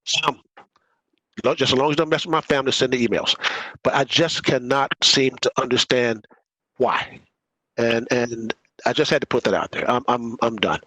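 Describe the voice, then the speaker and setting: A man's voice: medium pitch, steady tone, normal speed, bright, forceful tone, no room sound, rough recording. Man, meeting chair, impassioned, stumbling repeats, dry close sound. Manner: impassioned, repeats words when pressed. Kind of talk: public meeting debate.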